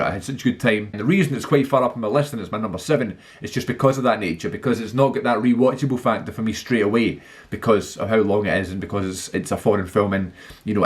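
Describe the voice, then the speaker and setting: A man talking casually and eagerly to camera about films, rambling with lots of fillers and restarts. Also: fairly low pitch. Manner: enthusiastic. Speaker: film vlogger. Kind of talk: casual movie list monologue.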